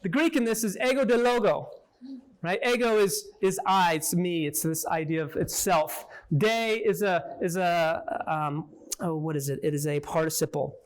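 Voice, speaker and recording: A man with a rather high voice leads a Bible lesson for a small group. His talk is conversational and back-and-forth. He keeps checking in with his listeners and putting questions to them as he goes. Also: normal speed. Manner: conversational, peppers points with "right?" and questions to listeners. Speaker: Bible teacher.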